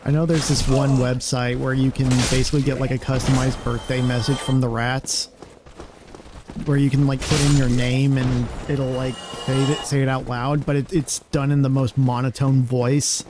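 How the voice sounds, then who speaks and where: A man's voice: medium pitch, normal speed, background noise. A man chatting casually beside a gamer on a stream, telling rambling asides. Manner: relaxed, rambling, storytelling asides. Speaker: co-host and relative.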